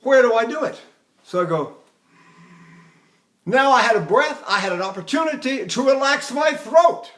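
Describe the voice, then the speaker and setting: A man's voice: extremely high pitch, expressive, moderate pace, pauses often, a bit bright. An older man giving a voice lesson in a rambling, conversational way, now and then singing short operatic phrases. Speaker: voice teacher. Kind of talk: recorded vocal lecture with sung demonstrations.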